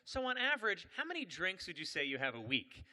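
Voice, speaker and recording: Doctor, matter-of-fact, clinical, raised pitch, a man putting it on. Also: wildly swooping pitch, quick pace, sharp tone, full character voice. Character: matter-of-fact doctor asking about drinking.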